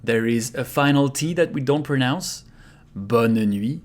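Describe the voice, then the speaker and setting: A man with a French accent, a native French speaker, teaching a video language lesson and repeating each word slowly for learners to copy. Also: medium pitch. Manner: slow, repeats words for practice.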